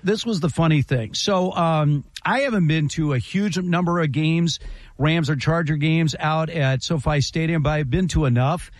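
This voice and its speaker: A man hosting sports radio, telling jokey stories in a casual, animated way. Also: a little high, no room sound.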